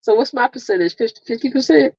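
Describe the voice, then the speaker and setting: A woman hosting a casual livestream, lively and chatty, laughing often and calling listeners honey and girl. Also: a little high, fast, no room sound. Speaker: livestream host and marketing coach. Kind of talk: casual live chat. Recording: dull lo-fi, dry sound.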